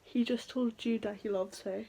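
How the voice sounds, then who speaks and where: A young woman chatting excitedly in a reading vlog, reacting to her book and reading passages aloud, her talk full of "like" fillers. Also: fairly high pitch, moderate pace, vocal fry, slightly rough, poor audio. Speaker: book vlogger.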